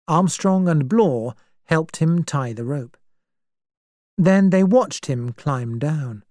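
Slow, lively-toned male story narrator. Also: fairly high pitch, no room sound, studio quality. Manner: clear, measured reading.

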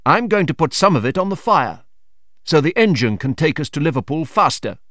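A man voicing a calm, polite gentleman traveller who stays composed. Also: fairly high pitch, brisk, no room sound, studio quality.

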